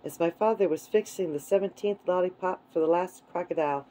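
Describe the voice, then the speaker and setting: A woman reading a children's book aloud in a gentle, unhurried way. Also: on the low side, a little hiss or hum, poor audio. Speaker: storyteller.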